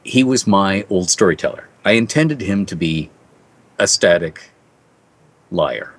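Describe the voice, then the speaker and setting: A middle-aged man with a low voice that swings widely in pitch, telling stories animatedly as an interview guest. He explains at length and chuckles along. The delivery is casual and expressive. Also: measured pace. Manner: animated storyteller, lively and chuckling. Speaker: fantasy author interviewed as guest.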